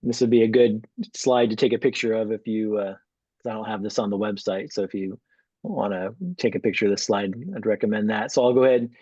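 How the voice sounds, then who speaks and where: A man giving a live lecture and taking questions, relaxed, with frequent fillers. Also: on the low side, brisk, slightly rough, dry recording, dull audio. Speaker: physician assistant lecturer.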